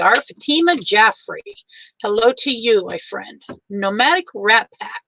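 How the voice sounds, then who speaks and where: Older woman, livestream host, teary, warm and chatty, bright higher voice. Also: expressive, measured pace, vocal fry, a little hiss or hum, rough recording. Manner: warm, chatty, greets each viewer by name. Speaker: livestream host greeting viewers. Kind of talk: casual livestream chat.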